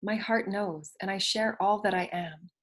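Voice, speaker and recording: In a medium-pitched voice, a woman gives a spiritual teaching talk made of slow, repetitive affirmations that often drift soft and hushed.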